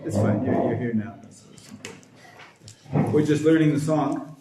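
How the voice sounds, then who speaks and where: Man, classroom teacher, patient, encouraging, dark tone, very echoey room. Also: mid-range voice, a little slow, slight background noise. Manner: patient, encouraging, drills pronunciation.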